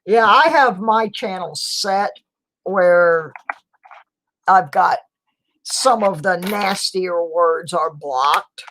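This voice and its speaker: A woman's voice: lowish voice, extremely slow, fairly bright tone, slight background noise, poor audio. A woman hosting her own live stream, chatting casually with viewers and laughing often. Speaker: channel host.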